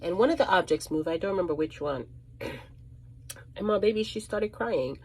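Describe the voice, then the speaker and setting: Low-voiced woman rambling a storytime. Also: animated, normal speed, darkish tone, husky. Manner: rambling, restarts and repeats phrases, many ums. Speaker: psychic medium. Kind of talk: casual storytime monologue.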